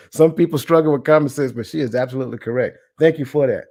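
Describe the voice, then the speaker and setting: A man's voice: medium pitch, quick pace, a little mellow, no room sound, studio quality. A man hosting a casual discussion, upbeat and encouraging with his guests. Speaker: host.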